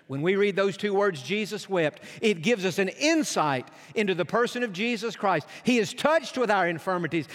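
A man's voice: high voice, expressive, normal speed, hardly any pauses, a bit bright. A man preaching a sermon as pastor, telling stories in an earnest way to his congregation. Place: large church sanctuary. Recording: long reverb of a big sanctuary.

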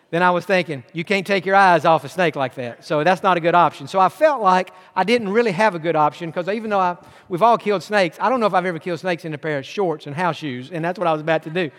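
A man's voice: high voice, a bit bright. A man preaching a sermon, telling a folksy story with humor and building emphasis. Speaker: pastor. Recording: long hall reverb.

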